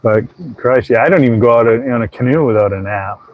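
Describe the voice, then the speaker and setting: A man's voice: medium pitch, brisk, phone-quality sound, a little hiss or hum. A man co-hosting a casual chat aboard a sailboat, rambling as he tells a story and acts out what others said. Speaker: podcast co-host.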